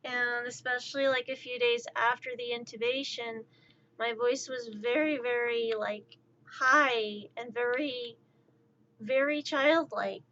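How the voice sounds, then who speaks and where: A woman's voice: fairly high pitch, fairly even intonation, measured pace, bright, forceful tone, muffled recording. A woman in her thirties ranting exasperatedly during a casual livestream chat, her voice slightly altered after intubation. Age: 30s. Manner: exasperated, rambling rant. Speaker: streamer.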